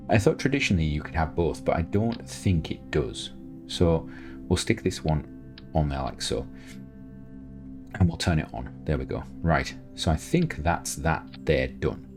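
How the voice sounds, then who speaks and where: A man speaks in an exceptionally deep voice as he narrates his own gameplay. He thinks aloud, mocks his own choices and often restarts his sentences. Soft music plays faintly underneath. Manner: chatty, self-mocking, thinks aloud with many restarts. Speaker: gameplay commentator. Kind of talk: casual gameplay commentary.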